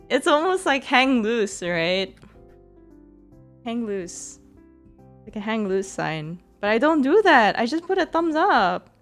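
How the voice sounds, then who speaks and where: A woman chats casually with her stream, rambling along with frequent fillers and a giggly manner. Her voice sits at an ordinary middle pitch. Soft music plays faintly underneath. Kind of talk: casual chat.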